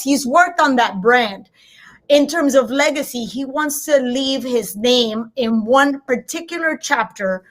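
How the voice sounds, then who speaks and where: Female combat-sports analyst, high pitch, animated and opinionated, casual podcast chat. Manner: animated, opinionated, drops in Spanish words. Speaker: MMA analyst guest.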